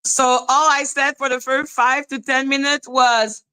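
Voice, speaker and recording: A woman hosting a podcast, telling a story in casual chat, excitable and animated, swearing and laughing as she retells it. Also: sits high, a little slow, few pauses, low-quality recording. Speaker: podcast host.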